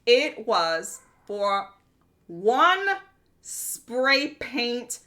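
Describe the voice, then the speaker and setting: A woman streamer telling a workplace story in casual chat, animated and profane, often exasperated. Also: on the high side, extremely slow.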